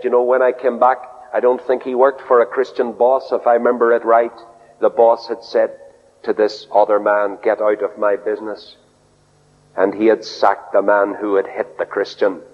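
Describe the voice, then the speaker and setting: A man preaching a sermon, telling stories earnestly and dropping low and soft for quoted words. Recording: dull radio broadcast with long reverb.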